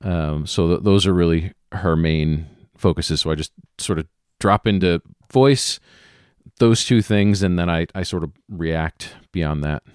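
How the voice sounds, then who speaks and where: Deep-voiced hesitant man, dry sound. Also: measured pace, darkish tone, smooth, dry recording. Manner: hesitant, many ums and restarts. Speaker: tabletop game player. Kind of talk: casual podcast chat.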